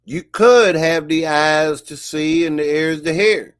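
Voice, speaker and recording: Slow-drawling man, laughing a lot. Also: fairly high pitch, clean tone, no echo. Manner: drawling, laughs often, keeps saying "y'all". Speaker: livestream host. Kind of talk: casual livestream chat to viewers.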